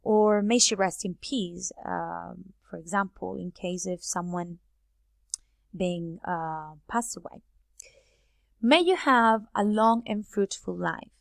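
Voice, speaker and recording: A woman's voice: fairly low pitch, slow, vocal fry, dry recording, clean studio sound. A woman teaching English grammar, explaining step by step and reading example sentences aloud from a board. Her first language is Spanish. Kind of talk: grammar lesson.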